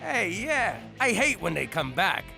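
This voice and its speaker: An actor playing a bumbling, self-pitying mob boss in a cartoon, sheepish and rambling. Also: male voice, high voice, sing-song, vocal fry, music in the background, heavily acted. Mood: baffled. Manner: sheepish, rambling, quick to apologize. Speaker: exiled mobster lead. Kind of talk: cartoon voice acting.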